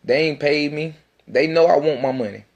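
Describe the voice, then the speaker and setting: A man's voice: on the high side, normal speed, vocal fry, highs cut off. A man, an independent rapper, talking in a casual self-recorded monologue that is intense, rambling and full of profanity.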